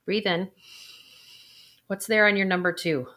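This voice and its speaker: Woman guiding a calm intuition exercise. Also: mid-range voice, a little slow. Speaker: financial planner.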